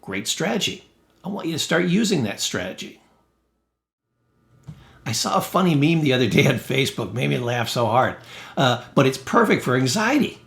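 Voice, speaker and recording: A man's voice: medium pitch, very animated, moderate pace, gravelly, long pauses, a bit bright. A man, a therapist, giving a blunt, emphatic motivational self-help talk with punchy, salty humor. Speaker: therapist and educator. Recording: roomy echo.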